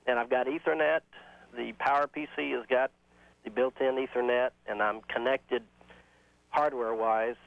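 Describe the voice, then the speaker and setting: A man calling in to a radio tech show, asking his question in a halting, hesitant way. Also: medium pitch, steady tone, creaky, dry recording. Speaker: caller. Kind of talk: phone-in question. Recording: dull, dry phone line.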